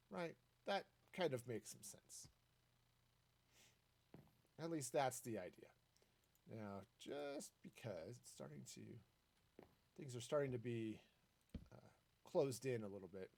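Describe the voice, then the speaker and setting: A man streaming a building game, chatting in a rambling, easygoing way as he plays. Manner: chatty and rambling, lively swings in pitch. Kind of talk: casual gameplay commentary.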